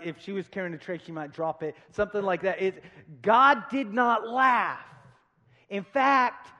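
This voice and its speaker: Pastor, male, 30s, high-pitched preacher with loud peaks and soft asides, church sanctuary. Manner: dynamic preaching, swinging between loud emphasis and quiet asides; humorous storytelling asides. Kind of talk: sermon. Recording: long reverb of a large hall.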